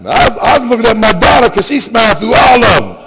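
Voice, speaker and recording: A preaching pastor with a husky growl. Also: male voice, sing-song, quick pace, a crowd in the background. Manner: call-and-response preaching, swings from low murmurs to shouts. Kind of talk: sermon. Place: large church sanctuary. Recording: church hall reverb, light noise.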